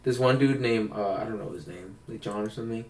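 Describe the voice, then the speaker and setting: A young man co-hosting a podcast tells rambling stories in casual chat, acting out the voices he quotes. His voice is on the low side and he talks fast, picked up by a distant mic in a roomy space.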